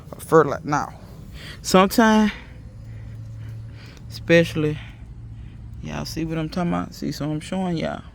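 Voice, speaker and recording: A man's voice: a little high, vocal fry, a little hiss or hum. A man in a casual gardening vlog, chatty and emphatic, talking to viewers outdoors in his garden. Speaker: home gardener.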